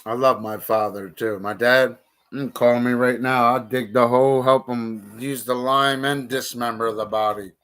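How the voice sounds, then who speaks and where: Blunt, profane man with a bright voice. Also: medium pitch, steady tone, measured pace. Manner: blunt, profane, heated outbursts. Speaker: streamer. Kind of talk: casual live-stream monologue.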